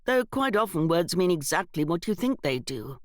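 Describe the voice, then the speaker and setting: Young gentleman lord, mild and thoughtful, read by a woman narrator. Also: on the low side, sing-song, normal speed, dry recording, clean studio sound.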